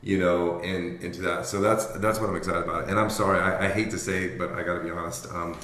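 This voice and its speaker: Deep-voiced rambling man on a roomy call. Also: steady tone, fast talker, a bit bright. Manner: rambling, apologetic, self-deprecating. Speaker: book club leader. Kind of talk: casual chat.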